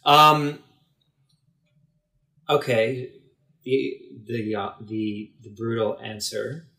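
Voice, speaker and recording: A man's voice: medium pitch, very slow, sharp tone, echoey room. A man speaking earnestly and emphatically in a casual conversation. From United States.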